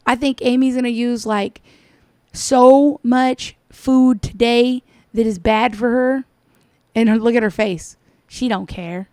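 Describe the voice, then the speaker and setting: A woman's voice: a little high, moderate pace, darkish tone, no room sound, studio quality. A woman giving sarcastic, scolding reaction commentary over a cooking video. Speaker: commentator reacting to another vlogger.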